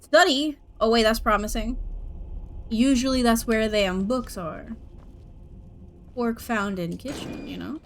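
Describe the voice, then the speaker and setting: A woman's voice: fairly high pitch, measured pace, pauses often, a little hiss or hum. A young woman streaming a game, chatting casually, giggling and reacting to chat as she plays. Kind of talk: casual gameplay commentary.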